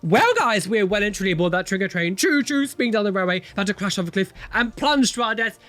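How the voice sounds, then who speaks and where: A man's voice: sits high, animated, fast, fairly bright tone. A young man chatting casually as he reacts to videos, rambling and exclaiming, with frequent swearing. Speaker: tattoo reaction video host.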